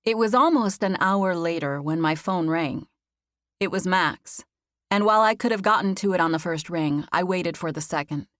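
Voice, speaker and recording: A woman's voice: lowish voice, normal speed, fairly bright tone, no echo. Dry, close woman audiobook narrator. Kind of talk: first-person novel narration.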